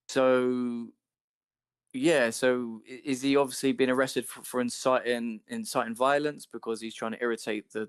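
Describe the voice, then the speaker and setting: A man's voice: medium pitch, no echo, clean studio sound. Man ranting in casual chat. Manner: ranting, animated, swears freely.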